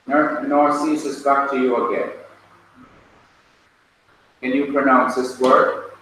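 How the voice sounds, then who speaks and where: In a lesson recorded from afar in an echoey classroom with faint noise, a man teaching Hebrew calls on his students by name and patiently drills their pronunciation. He talks slowly in a mid-range, level voice with a fairly bright tone.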